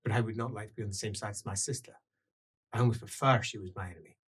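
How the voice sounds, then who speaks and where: A man voicing a blunt soldier woman who distrusts her own sister, speaking quietly in a husky voice. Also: extremely low pitch, very fast, pitched below the performer's own voice, full character voice. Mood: grim. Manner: quiet, grim and matter-of-fact.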